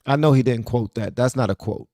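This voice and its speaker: A man hosting a podcast, giving reaction commentary in an animated, incredulous way with frequent laughter. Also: medium pitch, brisk, no room sound, studio quality. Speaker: podcast host.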